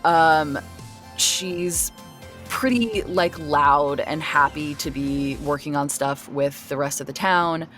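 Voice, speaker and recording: A woman's voice: low voice, slow, a bit bright, soft background music. A woman running a tabletop role-playing game as game master, narrating in a rambling way with lots of fillers and restarts. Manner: rambling with many fillers and restarts, searching for words.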